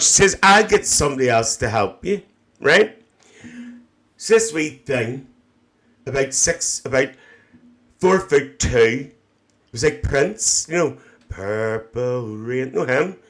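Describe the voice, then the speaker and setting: A man's voice: a little high, pushed and bright, voice pushed up, full character voice. A man performing a brash, gossiping older Northern Irish auntie with a Northern Irish accent, telling rambling stories on a comedy livestream. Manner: rambling anecdotes with frequent "dear" and "uh-huh". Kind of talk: character comedy monologue on a livestream.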